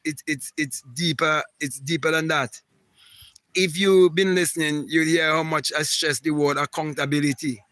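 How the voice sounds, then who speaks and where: Man, host answering comments, emphatic and preachy, slightly high voice, dry close mic. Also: sharp tone, dry recording. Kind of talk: casual live talk reading viewer comments.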